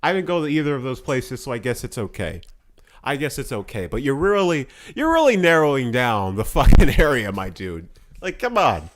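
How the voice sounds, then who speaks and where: A young man from Florida chatting casually on a podcast, profane and quick to laugh in mock outrage. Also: mid-range voice, very animated, a little hiss or hum. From Florida, USA. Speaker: podcast host.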